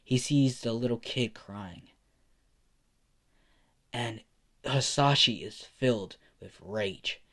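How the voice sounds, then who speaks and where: Brief: young man, storyteller improvising a fan story, slow and casual, stumbling over his words. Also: mid-range voice, a bit bright. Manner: casual, with fillers and self-corrections.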